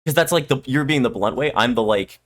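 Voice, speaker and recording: A man from Canada hosting a podcast in casual chat, animated, acting out quoted lines and laughing often. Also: medium pitch, quick pace. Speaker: podcast host.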